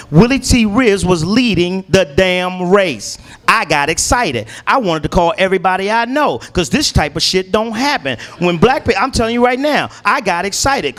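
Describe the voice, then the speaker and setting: A male stand-up comedian telling stories in a profane, animated way. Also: sits high.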